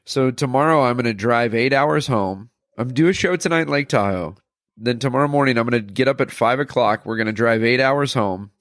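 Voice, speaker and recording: A man hosting a comedy podcast in casual chat, easygoing and quick to laugh. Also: medium pitch, a bit bright, no room sound, studio quality. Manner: easygoing, chatty, laughs often.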